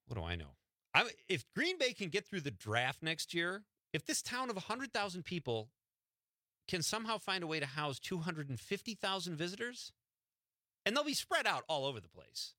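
A man's voice: high-pitched, wildly swooping pitch, normal speed, bright, forceful tone, no echo. A man hosting a radio show from the studio, chatting casually and teasing his co-host. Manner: joking, teasing.

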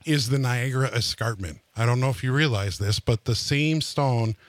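A man's voice: mid-range voice, normal speed, no echo. A man co-hosting a radio show, explaining things in casual chat with a rambling, filler-heavy manner.

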